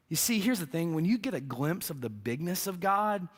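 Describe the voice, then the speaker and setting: High-pitched lively preaching pastor. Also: male voice, moderate pace, few pauses, breathy edge. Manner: energetic preaching, big swings from loud highs to hushed lows. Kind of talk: sermon. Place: church sanctuary.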